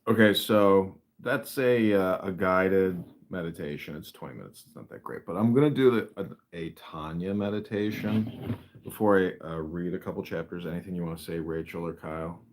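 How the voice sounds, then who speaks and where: A podcast host chats casually in a rambling, encouraging way, his talk full of fillers. His voice sits low at normal speed, with slight background noise.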